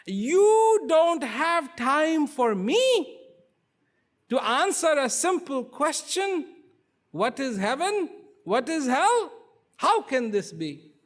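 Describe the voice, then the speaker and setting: A man voicing an indignant king who shouts his outrage, pitched far above his own voice. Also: big pitch swings, a little fast, few pauses. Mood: furious. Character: furious proud king, adult man.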